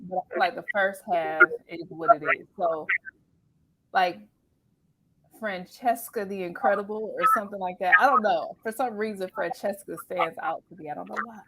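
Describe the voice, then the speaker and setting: A woman guest on a casual talk show, a singer and comedian, answering in a playful, animated way with lots of laughter. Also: mid-range voice, moderate pace, slight background noise, rough recording. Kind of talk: casual interview chat.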